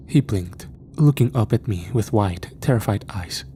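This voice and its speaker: A man narrating a scripted horror story at a slow, measured pace. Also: lowish voice, lively intonation, mellow, a little hiss or hum. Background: faint music.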